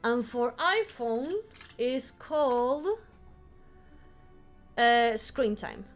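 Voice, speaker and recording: High-voiced woman, vtuber streamer, casual chat, animated, swears, shouts at times, faint music behind. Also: extremely slow.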